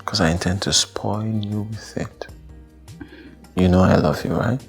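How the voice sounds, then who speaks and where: Doting husband, very low voice, gravelly, slow, soft and coaxing, faint music. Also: male voice. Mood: tender. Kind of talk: Nollywood film acting.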